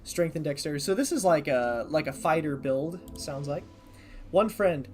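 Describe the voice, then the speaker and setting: A streamer playing a game for the first time, reading the on-screen text aloud and thinking out loud, sometimes tripping over unfamiliar words. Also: mid-range voice, lively intonation, normal speed, soft background music. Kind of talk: casual let's-play commentary.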